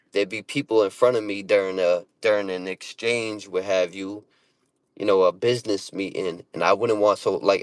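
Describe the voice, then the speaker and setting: Reading out viewer comments on his casual livestream, this middle-aged Boston-accented host speaks in a streetwise, profane style. His pitch is fairly low, and the recording has no room sound.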